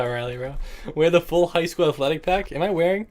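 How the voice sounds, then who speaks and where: Young male streamer, playful banter, slightly high voice, soft music bed. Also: brisk. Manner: joking, laughs often, calls people bro and man. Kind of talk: casual livestream chat.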